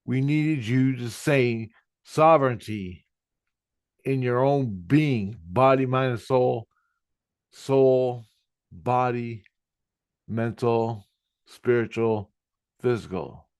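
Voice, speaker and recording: A man voicing an awed, insistent male divine spirit who talks in an excited, repetitive way. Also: medium pitch, slow, pauses often, clean tone, no echo, studio quality.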